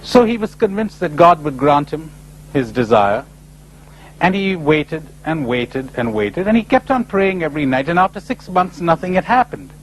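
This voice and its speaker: A man's voice: normal speed, a little hiss or hum, low-quality recording. A man giving a spiritual lecture, telling stories and jumping into characters' voices. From India. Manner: animated storyteller, voices characters with sudden high pitch jumps.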